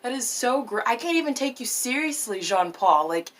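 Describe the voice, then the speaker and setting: A woman vlogging in a casual, animated way, swearing freely and tossing in French words. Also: on the high side, moderate pace. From United States. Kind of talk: casual opinion vlog.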